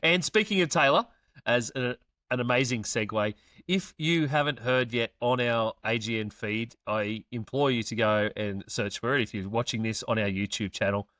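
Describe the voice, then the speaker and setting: Bright, teasing Australian host. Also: male voice, mid-range voice, normal speed, dry recording. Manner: upbeat, playful teasing. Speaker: podcast host. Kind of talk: casual sports chat.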